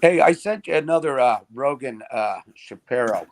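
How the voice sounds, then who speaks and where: A man co-hosting a podcast in casual chat, with a creaky, gravelly voice. He rambles through stories with heavy swearing and stammering restarts. His pitch sits in the middle range. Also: expressive, moderate pace, slight background noise. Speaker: podcast co-host.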